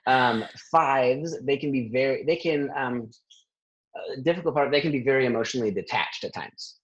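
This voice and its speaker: A man working as a therapist, talking in a lively conversational interview and laughing often between thoughts. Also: medium pitch, normal speed, breathy edge, lo-fi sound.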